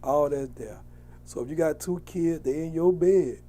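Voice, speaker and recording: A man's voice: on the high side, moderate pace, warm tone. A man hosting a podcast, telling rowdy stories with lots of laughter and acted-out scolding. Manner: boisterous storytelling, laughing, acting out scolding. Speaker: podcast host. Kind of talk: casual podcast chat.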